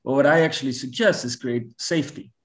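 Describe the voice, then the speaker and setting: Male relationship coach, mid-pitched, earnest and reflective, halting delivery with restarts. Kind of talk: casual podcast conversation.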